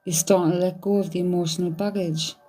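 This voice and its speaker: Hesitant woman with a mellow voice. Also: lowish voice, steady tone, fast talker, soft background music. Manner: hesitant, searching, thinking aloud. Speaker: psychic medium. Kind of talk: live medium reading.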